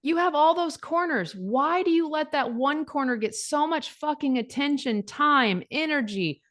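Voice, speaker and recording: A woman's voice: sits high, animated, unhurried, a bit bright. A woman in her forties, a divorce coach, talking bluntly and emphatically, swearing freely in casual chat.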